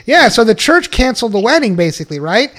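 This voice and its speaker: A male podcast host in casual chat, telling a story in an animated way, swearing freely and saying "like" a lot. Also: very high-pitched, quick pace. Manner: animated, profane, lots of "like".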